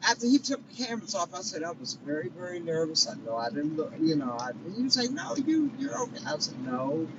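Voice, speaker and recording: A woman's voice: sits low, expressive, fast. A middle-aged woman calling in from her car, retelling events dramatically and emotionally. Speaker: caller. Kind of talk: casual storytelling on a call. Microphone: phone call. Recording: muffled distant call with crowd noise.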